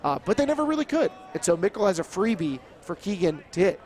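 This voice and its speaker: A man's voice: high-pitched, sing-song, fast talker, a little mellow. A man giving sports color commentary, breaking plays down step by step in a wordy way with frequent restarts.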